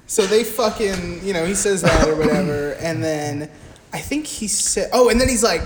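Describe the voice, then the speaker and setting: A man's voice: high-pitched, animated, normal speed. A man co-hosting a film podcast, retelling scenes with a crude, rambling delivery. He breaks into exaggerated voices for the characters. The sound is roomy and echoey, with noise underneath. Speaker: podcast co-host. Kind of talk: casual profane film recap.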